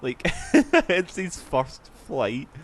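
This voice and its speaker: A man's voice: fairly high pitch, huge pitch swings, very slow, slight background noise. A man with a Scottish accent, rambling casually as he streams a flight sim, swearing now and then. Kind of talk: casual gameplay commentary.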